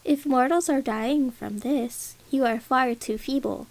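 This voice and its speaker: A woman's voice: sits high, measured pace, low-quality recording. A woman voicing haughty, childlike sun birds who taunt in a sing-song way. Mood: mocking.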